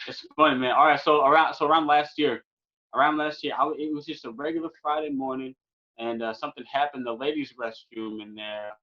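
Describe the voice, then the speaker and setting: A young man from California, a podcast guest, telling a long funny story in a casual, animated way, full of fillers like "man" and "or what have you". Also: mid-range voice, brisk. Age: young adult. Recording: dull lo-fi podcast audio.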